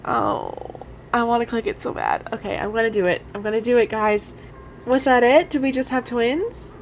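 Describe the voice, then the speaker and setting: A young woman giving casual, excitable commentary over a life-sim game, talking straight to her viewers and gushing nervously. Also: mid-range voice, normal speed, faint music behind. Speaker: gaming YouTuber.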